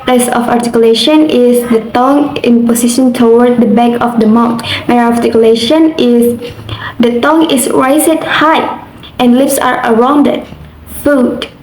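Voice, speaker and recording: A woman's voice: on the high side, little pitch movement, unhurried, a little mellow. A young woman from Indonesia, a university student carefully reading a class assignment aloud, with occasional slips. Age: young adult. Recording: roomy echo, faint background noise.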